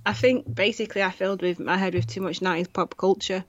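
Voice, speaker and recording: A woman's voice: medium pitch, fairly even intonation, fast talker, muffled recording. A woman co-hosting a podcast, chatting casually in a wry, self-deprecating way. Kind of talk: casual chat.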